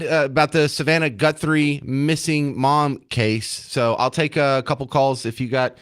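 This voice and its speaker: An older man hosting a call-in radio show in a studio, loud and animated, with big swings in pitch. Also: unhurried, hardly any pauses, clean tone. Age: older, has granddaughters. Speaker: radio talk show host. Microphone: studio microphone.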